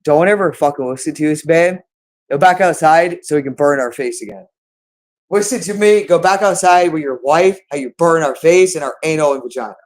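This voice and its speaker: A woman's voice: low voice, brisk, darkish tone. Woman vlogger, heated accusatory monologue, coarse and rambling. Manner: agitated, accusatory, profane ranting. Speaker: channel host. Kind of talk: unscripted monologue to camera.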